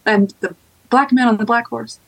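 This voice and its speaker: Young heroine, polite and wary, breaks into flustered stammers; a woman reads her; lift pitch. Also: steady tone, moderate pace, gravelly, breathy edge. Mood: curious. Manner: flustered, stammering when panicked. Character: young girl apprentice, wise, anxious.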